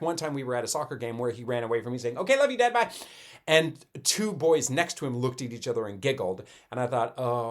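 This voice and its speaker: A middle-aged man from Colorado, co-hosting a podcast in casual chat and telling stories with quoted dialogue. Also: medium pitch. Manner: animated storytelling, with quoted dialogue. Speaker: podcast co-host.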